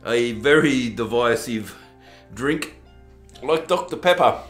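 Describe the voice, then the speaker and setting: A man's voice: medium pitch, lively intonation, slow pace, fairly bright tone. A man from Tasmania with an Australian accent, chatting casually and jokily as he reviews drinks for his home video channel. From southern Tasmania. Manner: chatty, self-mocking, plays up the poshness as a joke. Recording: roomy echo with faint background music.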